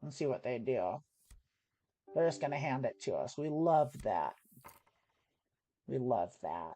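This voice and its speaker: A woman's voice: rumbling low, very animated, a little slow, dark tone. A woman streaming from home, casually explaining her poker plays with some swearing. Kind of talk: casual play-by-play commentary.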